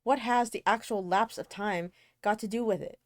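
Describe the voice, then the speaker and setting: A callous young man, aloof and bored, read by a woman, with a mid-range voice and slow, languid lines. The sound is dry and close-miked. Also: mid-range voice, no room sound, natural voice. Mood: cold. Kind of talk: amateur read-aloud of a novel.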